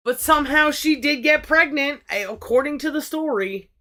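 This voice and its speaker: A woman's voice: sits high, lively intonation, normal speed, sharp tone. A woman hosting a livestream, casually reading scripture and giving blunt, profane commentary as she thinks aloud. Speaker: livestream host.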